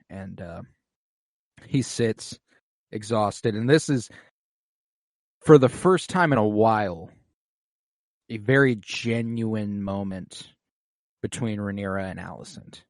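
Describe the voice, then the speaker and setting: A man's voice: lowish voice, takes it slowly, pauses often, no echo, studio quality. A man co-hosting a podcast, chatting casually and profanely as he recaps a TV episode. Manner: profane, loose, acts out characters in quotes. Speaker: podcast co-host.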